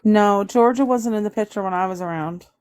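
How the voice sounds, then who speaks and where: A woman's voice: medium pitch, brisk, a little mellow, clear, resonant tone. Canadian woman chatting on a livestream. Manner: candid, laughs often, reads comments aloud. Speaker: livestream guest. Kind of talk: casual livestream chat.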